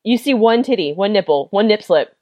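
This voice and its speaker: A woman co-hosting a casual comics podcast, blunt and quick to laugh. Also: mid-range voice, lively intonation, dark tone, dry recording, clean studio sound. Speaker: podcast co-host reviewing comics. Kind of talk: casual chat.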